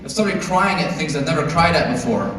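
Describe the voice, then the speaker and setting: A man in his thirties doing stand-up on a theater stage, with a fairly high voice and a dry, deadpan delivery. His voice is picked up from far off and rings through a big hall. A steady hum of audience noise sits behind him. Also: brisk. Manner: deadpan storytelling with sudden high-pitched acted-out quotes. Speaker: stand-up comedian. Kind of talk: stand-up comedy set.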